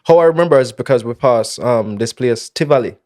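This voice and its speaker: A man's voice: mid-range voice, fairly quick, a little mellow. A young man from Jamaica hosting a casual podcast chat, telling stories with lots of fillers. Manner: chatty storyteller, many fillers and laughs. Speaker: podcast host.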